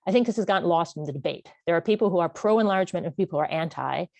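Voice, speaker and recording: Middle-aged woman, low mellow voice, precise academic speaker, dry close sound. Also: lively intonation, rapid-fire, vocal fry, no echo. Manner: precise, repeats words for emphasis, restarts phrases. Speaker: historian discussing her book. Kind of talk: academic talk, measured and analytical.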